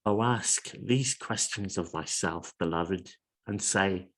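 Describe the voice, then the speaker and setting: A man preaching a sermon in an earnest, measured way, asking his listeners question after question. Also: low-pitched.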